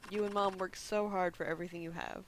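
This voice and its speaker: A man reading the lines of a debt-ridden woman near forty, speaking in quiet, defeated confessions. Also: high-pitched, steady tone, fast talker, slight background noise, low-quality recording. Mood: ashamed.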